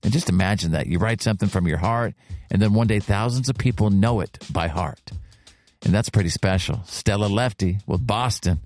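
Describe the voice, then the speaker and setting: A man's voice: lowish voice, normal speed, a little mellow, no room sound, soft background music. A man hosting a weekly radio countdown show, introducing songs in an upbeat, chatty and playful way.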